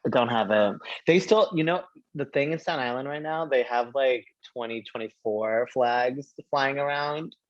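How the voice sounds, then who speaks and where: A man's voice: mid-range voice, moderate pace, hardly any pauses, no echo. Sassy new guy dishing on a podcast, calls folks honey, kinda muffled dry audio. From Brooklyn, New York. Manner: sassy and slangy, laughs often, calls people honey. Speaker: drag performer guest. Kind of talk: casual podcast chat.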